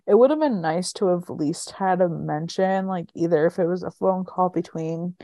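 A woman's voice: lowish voice, moderate pace, no echo, studio quality. A woman co-hosting a casual chat, retelling a TV episode with lots of fillers and quoted lines. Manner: chatty, quotes characters in animated retellings, many fillers. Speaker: podcast co-host.

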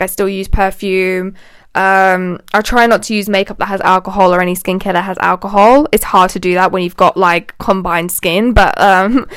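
Young woman, spiritual podcast host, smooth clear voice, dry close sound, rambling casual talk full of fillers. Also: mid-range voice, no echo. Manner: rambling, many fillers and restarts.

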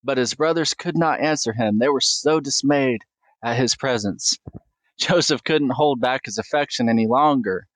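A man's voice: mid-range voice, normal speed, no echo. A man preaching a sermon, earnestly asking questions and reading scripture aloud with small stumbles.

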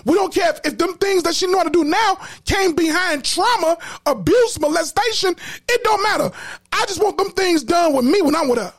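Emphatic high-voiced podcast host. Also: male voice, animated, fairly quick, hardly any pauses, no echo, clean studio sound. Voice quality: emphatic, preacherly, repeats words. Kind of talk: casual commentary.

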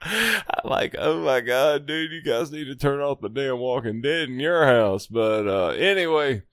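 A man's voice: mid-range voice, animated, a little slow, a bit bright, no room sound, clean studio sound. A man hosting a casual radio show, rambling and chuckling, with casual swearing as he tells a story. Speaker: radio host.

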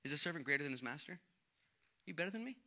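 Pastor playing Jesus as an earnest teacher, raised pitch, pleading. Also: male voice, expressive, rapid-fire, bright, forceful tone.

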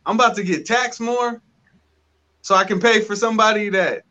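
A man's voice: high-pitched, normal speed, sharp tone, dull audio. A man co-hosting a casual talk show, telling his story emphatically with lots of slang. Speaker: podcast co-host. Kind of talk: casual chat.

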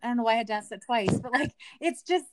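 A woman's voice: on the high side, expressive, fast, no room sound. A woman in her forties co-hosting a casual chat, dry and skeptical, musing aloud. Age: 40s.

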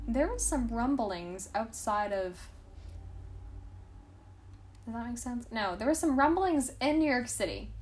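Young woman, podcast host, casual storytelling, filler-heavy, wry, slightly high voice. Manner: chatty, filler-heavy, wry asides and mock quotes.

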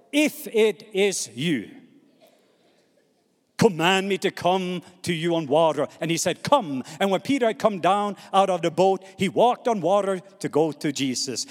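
A man preaching a sermon, reading scripture slowly and having the congregation repeat words back. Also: on the high side. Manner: call-and-response, has the congregation repeat words; slows down to read scripture dramatically. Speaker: pastor. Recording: long hall reverb.

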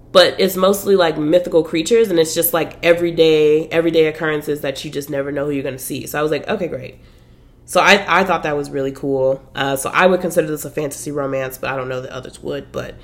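A woman hosting a podcast, chatting casually about the books she's reading, full of slang and fillers. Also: deep voice. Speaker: podcast host.

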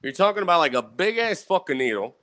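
A young male vlogger with a high-sitting, fairly bright voice talks fast, his pitch swinging widely. In a casual storytime for his viewers, he tells rambling, profane stories and often tags "right?" onto his sentences.

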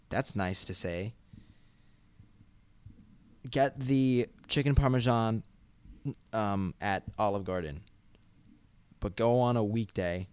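A man's voice: low voice, unhurried, pauses often, a little mellow, smooth. A young man hosting a podcast alone, rambling casually with lots of swearing and self-mocking asides. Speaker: podcast host. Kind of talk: casual solo podcast chat.

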